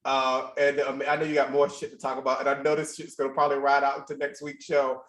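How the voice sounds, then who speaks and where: Laid-back podcast host in a roomy space. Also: male voice, mid-range voice, completely flat delivery, fast, fairly bright tone. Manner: laid-back, steers the talk to the next topic. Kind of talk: casual podcast chat.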